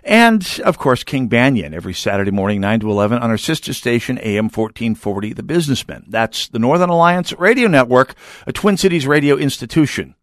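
A man's voice: medium pitch, lively intonation, a little fast, no echo. A middle-aged man hosting a radio talk show in a studio, chatty and joking, with many filler words.

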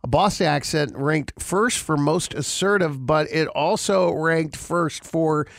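A man's voice: on the high side, unhurried, creaky, fairly bright tone, no echo, studio quality. A man hosting a radio show, leading casual banter and reading out poll results with emphasis. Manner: leads the segment, reads out poll results with emphasis.

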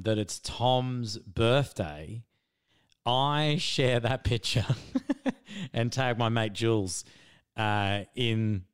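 An Australian man hosting a podcast, talking casually to listeners in a relaxed, halting way with many fillers. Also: mid-range voice, clean tone. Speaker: podcast host.

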